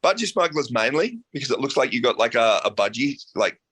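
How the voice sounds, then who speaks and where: A man's voice: mid-range voice, very animated, fairly quick, fairly bright tone, slightly rough. An Australian man, a rock singer, chatting playfully as an interview guest and laughing often. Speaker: band vocalist, guest. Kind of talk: casual interview chat.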